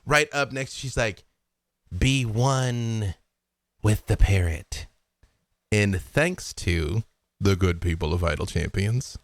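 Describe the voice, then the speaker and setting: Lively animated man running a tabletop game. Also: fairly high pitch, no room sound. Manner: animated, laughing, jumps between narration and character voices. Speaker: dungeon master. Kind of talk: narrating and voicing a live tabletop game.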